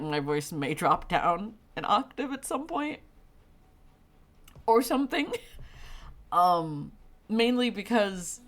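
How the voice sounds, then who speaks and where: In a casual stream chat, a young woman who sounds stuffy and tired rambles to her viewers with frequent laughter and filler words. Her voice is mid-range and somewhat bright, and faint music can be heard behind her.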